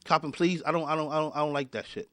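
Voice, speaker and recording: Male podcast host with a high voice, ranting hard and tripping over repeated words. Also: steady tone, fast talker, a bit bright, no room sound. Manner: fired up, repeats and restarts words often. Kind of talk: heated podcast rant.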